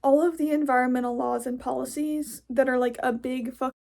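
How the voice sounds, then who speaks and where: A woman's voice: sits high, fairly even intonation, brisk, gravelly, a little mellow. A young woman hosting a podcast, delivering an angry, profane, blunt monologue. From United States. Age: young adult. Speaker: podcast host. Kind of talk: casual ranting monologue.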